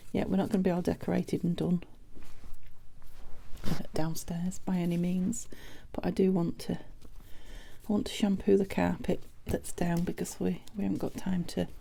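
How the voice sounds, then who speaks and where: A British woman chatting casually as she makes junk journal pieces, thinking aloud with soft half-whispered asides. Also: lowish voice, vocal fry, slight background noise. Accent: British English. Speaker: craft vlogger. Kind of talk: casual crafting chat.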